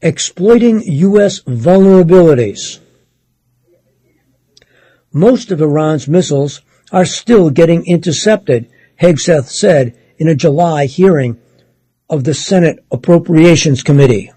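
Brief: man reading a news article aloud, mellow and husky tone, dry close sound. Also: a little high, dry recording, rough recording. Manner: measured, steady read with occasional self-corrections.

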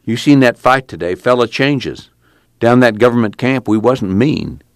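A man voicing a weary older farmer father, speaking in slow, resigned rural dialect. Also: medium pitch, animated, no echo, studio quality, natural voice.

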